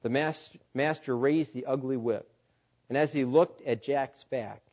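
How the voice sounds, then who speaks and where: Male preacher, mid-pitched, dramatic storytelling sermon with rhetorical questions; dull lo-fi recording. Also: a little slow. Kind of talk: sermon, reading a story aloud.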